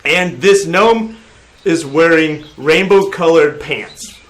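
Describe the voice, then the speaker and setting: A man acts as game master for a tabletop game, narrating in an animated way, laughing and breaking into loud crowd voices. His voice is a little high and his pace slow.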